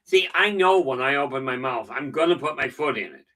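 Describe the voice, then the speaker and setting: Bright chatty man, a bit off-mic. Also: mid-range voice, expressive, a little fast, distant mic, rough recording. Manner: chatty storyteller with dry jokes. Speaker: channel host. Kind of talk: casual live-stream talk.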